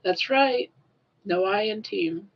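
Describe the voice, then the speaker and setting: A woman's voice: mid-range voice, takes it slowly, lo-fi sound. An older woman crying on a casual livestream, tearful and grateful as she thanks her viewers. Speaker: crochet livestreamer.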